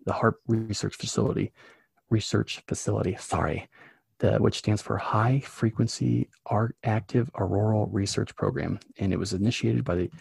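Brief: male podcast co-host, low gravelly voice with a husky rasp, swears a lot. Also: no room sound. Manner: profane, animated storytelling. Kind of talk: casual podcast chat.

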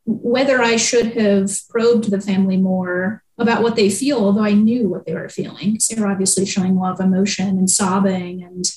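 A woman's voice: medium pitch, steady tone, a little fast, few pauses, darkish tone. A young adult woman, a newspaper reporter, answering interview questions in a reflective way with frequent ums and likes. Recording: echoey room.

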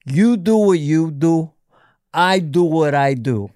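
A man's voice: fairly high pitch, lively intonation, slow pace, a little mellow, dry recording, studio quality. A man putting on a New York accent to play a blunt older male friend with punchy catchphrases. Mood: tough.

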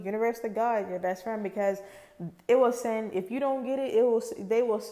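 A woman's voice: mid-range voice, mellow. A young adult woman hosting a podcast, talking in a casual, rambling way about a spiritual journey, with many fillers and restarts. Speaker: podcast host.

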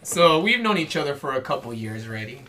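A man in his thirties banters as a comedy podcast host, laughing often and tripping over his words. His voice is bright and ringing. His pitch swoops up and down with lively energy. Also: fast talker, a little hiss or hum. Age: 30s.

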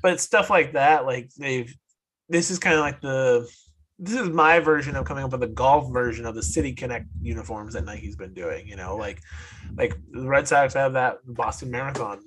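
Male podcast co-host from upstate New York, average pitch, loose rambling delivery. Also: normal speed, a bit bright, a little hiss or hum, poor audio. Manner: rambling, full of "like" and restarts. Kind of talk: casual chat.

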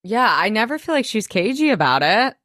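A woman's voice: mid-range voice, big pitch swings, fairly quick, fairly bright tone, dry recording. A woman co-hosting a podcast, recapping a reality show in casual chat and acting out quotes in mocking voices. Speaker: podcast co-host.

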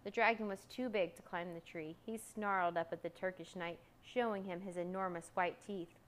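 A woman reading a children's storybook aloud in a calm, steady way. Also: lowish voice, normal speed, slight background noise.

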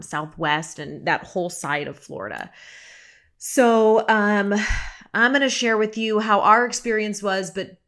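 A woman in her thirties hosts a solo talk podcast and chats casually with her listeners. Her voice sits a little low and carries the smooth, practiced delivery of someone who once read the TV news. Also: fairly bright tone. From United States. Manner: former TV news presenter, chatty and self-aware. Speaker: podcast host.

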